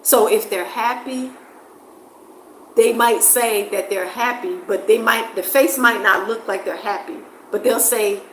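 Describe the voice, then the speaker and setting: An expressive woman from the States, chatting casually to camera. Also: on the high side, a little slow, echoey room, slight background noise, poor audio. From United States. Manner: expressive, animated, laughs often. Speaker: vlogger.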